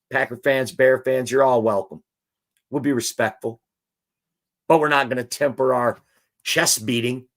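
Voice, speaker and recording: A man hosting a live football show, talking casually and animatedly, and reading viewer comments aloud. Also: medium pitch.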